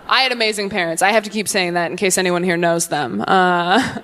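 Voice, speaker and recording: A young woman doing stand-up comedy to a live audience, riffing quickly and mocking herself. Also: on the low side, steady tone, background noise. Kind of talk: stand-up set with crowd work. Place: theater stage before a live audience.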